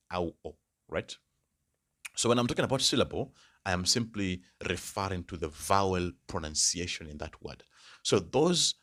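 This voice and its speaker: A man teaching a language lesson, patiently repeating each word pair slowly and often checking in with the listener. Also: deep voice, fairly bright tone. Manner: checks in with "all right?" often. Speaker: language tutor.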